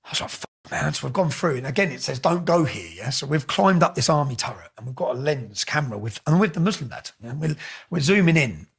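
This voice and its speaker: A middle-aged English man telling stories casually as an interview guest, animated and swearing freely. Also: a little high, fast, gravelly, husky. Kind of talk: casual storytelling.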